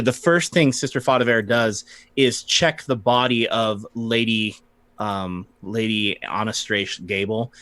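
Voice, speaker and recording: A man narrating a tabletop game as game master, unhurried, with frequent pauses and fillers. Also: fairly low pitch, sharp tone, no room sound. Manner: unhurried, pausing often with fillers.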